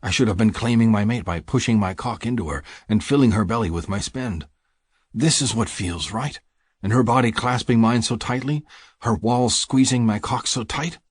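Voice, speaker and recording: A man narrating an audiobook in the first person, reading in a low, intimate, measured way. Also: slightly rough, dry recording.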